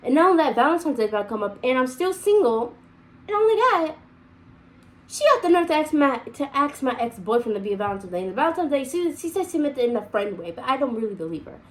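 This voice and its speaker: A young woman tells a personal story to her viewers in a loose, rambling way. She often circles back and restarts sentences. Her voice sits a little high. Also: big pitch swings, fast, poor audio. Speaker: vlogger. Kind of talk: casual storytime.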